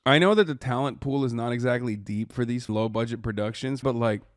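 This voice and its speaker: A man in his thirties streams himself reacting to a video, speaking fairly quickly in a mid-range voice. He's casual, blunt and mocking, heavy on slang, and breaks into loud laughter; the studio-quality recording is dry.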